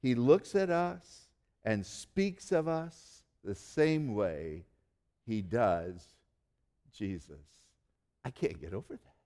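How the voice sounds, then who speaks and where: A male pastor preaching a sermon in earnest, slowing down and dropping almost to a hush to stress key words. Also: mid-range voice, expressive. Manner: earnest preaching, slows and drops to near-quiet for emphasis.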